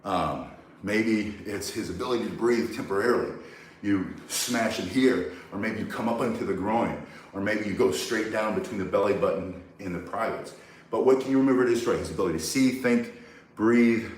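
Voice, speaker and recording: In this instructional clip, a fairly low-pitched man teaches self-defense, bluntly and emphatically breaking down every move. A faint hiss or hum sits under the audio, and the far-off mic makes it sound very echoey.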